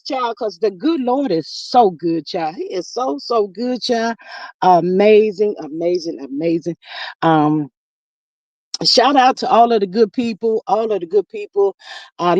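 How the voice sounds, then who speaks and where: A woman hosting a casual livestream, greeting viewers and reading their comments aloud in a lively, sassy way. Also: medium pitch, dry recording. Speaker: livestream host.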